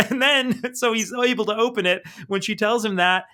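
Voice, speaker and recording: A man co-hosting a podcast, excitedly retelling a comic book and laughing often. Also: sits high, moderate pace. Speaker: podcast co-host. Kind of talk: casual comic-book discussion.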